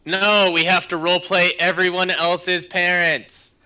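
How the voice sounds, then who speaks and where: A man's voice: high voice, flat delivery, unhurried, pushed and bright, slight background noise. A man playing in a tabletop game, chatting in a playful, rambling way. The audio is dull and lo-fi. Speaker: player. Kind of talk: casual chat.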